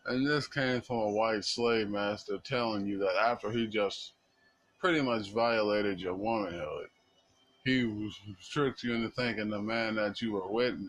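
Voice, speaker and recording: A man's voice: on the low side, measured pace, a bit bright, low-quality recording. A man giving an impassioned, blunt monologue in casual speech with slang.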